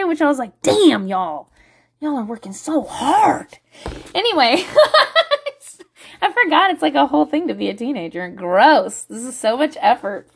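Blunt, swearing woman vlogger. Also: on the high side. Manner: blunt and profane, heavy filler words. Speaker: parent vlogger. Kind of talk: candid casual monologue.

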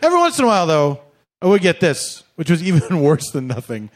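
High, lively comedian with mock-formal sarcasm. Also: male voice, fast talker. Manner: laughs through his words. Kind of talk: comic monologue.

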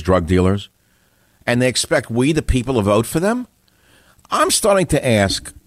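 A man's voice: on the low side, no room sound, clean studio sound. An older man hosting political talk radio, ranting angrily about taxes and politicians. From United States. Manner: angry ranting. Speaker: radio host.

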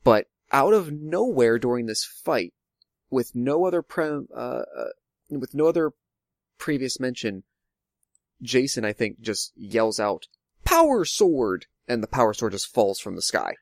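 A man's voice: medium pitch, measured pace, no room sound, clean studio sound. A man discussing a movie in casual chat, rambling and thinking aloud with lots of fillers.

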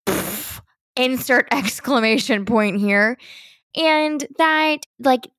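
A young adult woman hosting her own podcast, talking in a chatty, animated way with lots of "like" fillers. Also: a little high, takes it slowly, dry recording, clean studio sound. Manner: chatty and animated, heavy use of "like". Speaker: podcast host. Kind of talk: casual solo podcast monologue.

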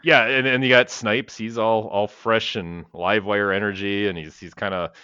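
Low-voiced man rambling about movies. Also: fairly even intonation, normal speed, pushed and bright, clean tone, no room sound, muffled recording. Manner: rambling, swears, laughs often. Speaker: podcast co-host. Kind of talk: casual movie podcast chat.

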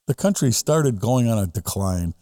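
A man with a warm, mellow voice, chatting casually as a podcast co-host. He jokes loudly and jumps into mock voices when he quotes people. The sound is dry and close, with little room. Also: on the low side, lively intonation, moderate pace, dry recording. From Midwest United States. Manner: loud, joking, acts out quoted voices. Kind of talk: casual chat.

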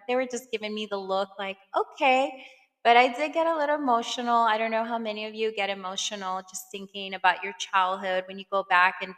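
A middle-aged woman from Brooklyn talks casually on her podcast, filling her sentences with "you know" and "um" and acting out the lines of the people in her story. Her voice is bright and clear. The recording has a long, echoing reverb. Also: mid-range voice. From Brooklyn, New York. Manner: chatty, lots of "you know" and "um", acts out quotes. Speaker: podcast host. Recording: long reverb, echoey room.

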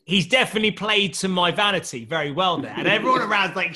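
A man's voice: high-pitched, fast, hardly any pauses. A man, a startup founder, telling a long anecdote in casual chat, laughing often and doing voices for the people in it. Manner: animated storyteller who laughs often and does voices.

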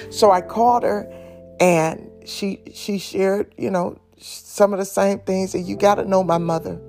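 Middle-aged woman telling a heartfelt story real slow, stops and restarts a lot, soft music behind. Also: medium pitch, steady tone. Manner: emotional, halting, with restarts and soft laughs. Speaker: speaker giving testimony. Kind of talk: slow, heartfelt personal testimony. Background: faint instrumental music.

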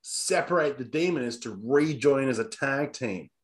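A man's voice: medium pitch, expressive, normal speed. A man co-hosting a casual wrestling podcast, speculating in a loose, rambling way. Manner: speculative, rambling, lots of fillers. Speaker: podcast co-host.

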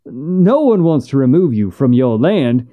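A man's voice: mid-range voice, very animated, unhurried, narrow, tinny audio. A man voicing a nervous frontier townsman who stammers and hesitates. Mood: hesitant.

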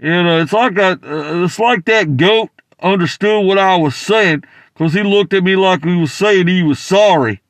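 A man's voice: high-pitched, moderate pace, dry recording. Rambling man caller telling a story. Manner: rambling, stumbling, many restarts and fillers. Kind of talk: rambling anecdote.

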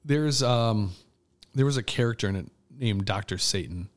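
A man with a fairly low voice chats casually as a podcast co-host, speaking at a moderate pace. He tells stories animatedly, restarting and trailing off with fillers.

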